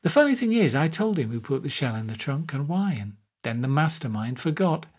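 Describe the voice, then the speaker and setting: A man's voice: a little high, big pitch swings, fairly quick, a little mellow, slightly rough. A man reading aloud and voicing a drunk, boastful middle-aged male playwright with slurred speech. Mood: rambling.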